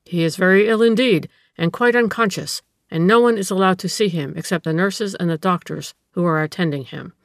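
A respectful male servant delivering bad news at the door, formal and deferential, as a woman reading a story puts him on. The voice sits fairly low and sounds close and dry. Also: brisk, hardly any pauses, no room sound, natural voice. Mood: grave, deferential. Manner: deferential, says sir.

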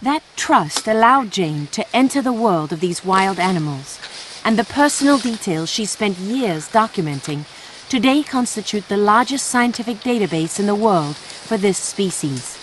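A woman's voice: mid-range voice, lively intonation, moderate pace, a little hiss or hum. A woman working as a TV correspondent, giving scripted narration and asking short interview questions.

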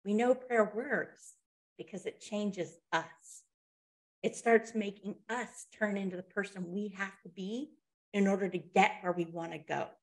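A woman's voice: mid-range voice, unhurried. A woman presenting a motivational webinar, talking conversationally and checking in with her listeners as she tells a story.

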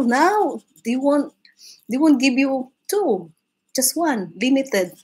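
A woman's voice: sits high, animated, slow, a little mellow, rough recording. A woman hosting a live drawing stream, chatting casually with viewers, laughing often and restarting her sentences.

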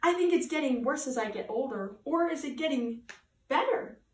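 A woman's voice: sits high, lively intonation, normal speed. A woman voicing a cheerful, forgetful female fish in a storybook reading, bubbly and scatterbrained. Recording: echoey room, voice from a distance.

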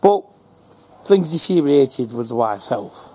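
A man's voice: mid-range voice, very animated, a little slow, warm tone, breathy edge, rough recording. A middle-aged man with a Northern English accent, giving short, repeated commands to his dog outdoors in a casual vlog. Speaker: dog owner vlogger.

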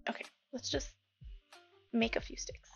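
A woman streaming a video game, talking to herself in casual commentary and startling easily. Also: a little slow. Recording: dull lo-fi mic with faint music.

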